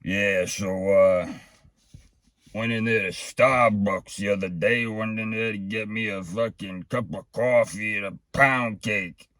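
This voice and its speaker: A man impersonating a loud, crude man who rants with outrage and profanity. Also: lowish voice, fairly even intonation, unhurried, no echo. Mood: ranting. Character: loud crude Brooklyn man ranting from his apartment.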